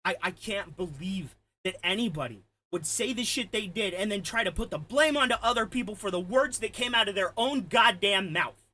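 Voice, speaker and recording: A man delivering an angry, profane ranting commentary, heated and shouting at times. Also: sits high, expressive, moderate pace. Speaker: commentary streamer.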